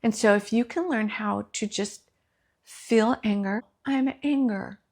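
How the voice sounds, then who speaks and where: Middle-aged woman, podcast host, slow earnest storytelling, acts out quotes. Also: mid-range voice, a little mellow. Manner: earnest, storytelling, quotes others in acted voices. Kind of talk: personal reflective talk.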